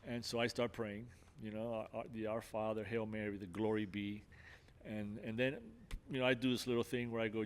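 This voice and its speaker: A man's voice: fairly low pitch, level tone, brisk, clean tone. An older man, a podcast guest, earnestly recounting a personal experience in conversation, with many restarts and filler phrases. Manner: earnest storytelling, many restarts and "you know".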